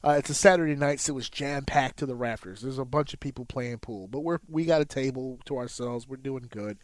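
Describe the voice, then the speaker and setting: A man in his thirties co-hosting a casual podcast, telling a sports story in an animated, profane way and jumping up sharply in pitch when excited. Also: fairly quick, no room sound. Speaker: podcast co-host.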